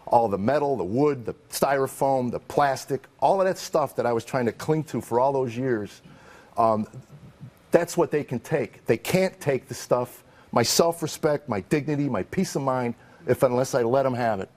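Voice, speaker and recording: A man's voice: medium pitch, expressive, moderate pace, darkish tone. A middle-aged man, a comedian guest in an interview, telling candid personal stories in a wry, self-deprecating way and acting out the people in them.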